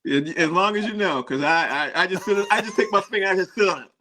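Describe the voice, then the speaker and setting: A man's voice: high voice, quick pace, pushed and bright, a little hiss or hum. A man hosting a casual sports talk show, rambling and repeating himself with frequent laughs.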